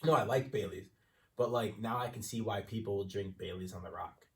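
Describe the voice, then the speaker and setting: A man with a lowish voice chats loosely on a podcast, cursing as he spins stories from behind the bar. He sits a little back from the mic, so the sound is somewhat distant. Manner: swearing, storytelling, quick to laugh. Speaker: podcast co-host. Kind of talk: casual chat.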